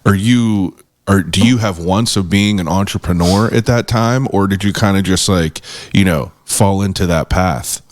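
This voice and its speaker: A man's voice: low-pitched, normal speed, dry recording, studio quality. A man hosting a podcast, asking rambling questions full of fillers and answering with short agreements. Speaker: podcast host. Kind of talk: casual interview.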